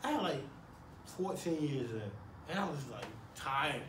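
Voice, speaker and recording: Storyteller, male, high and lively voice, acts out scenes with loud shouted bursts, far mic in a roomy hall. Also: unhurried, background noise. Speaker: storyteller recounting his prison years. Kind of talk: spoken personal storytelling to a live audience. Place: talk at a college hall.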